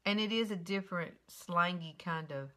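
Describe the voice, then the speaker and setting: A woman's voice: on the low side, moderate pace, sharp tone. An older woman with a Southern US accent, chatting casually and rambling with giggles while hosting a makeup tutorial from her bedroom. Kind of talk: casual live-stream chat. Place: bedroom at home.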